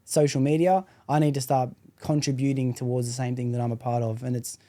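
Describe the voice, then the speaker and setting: A man's voice: medium pitch, level tone, brisk, warm tone. A man hosting a podcast, talking candidly in a casual, rambling way with many "you know"s. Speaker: podcast host.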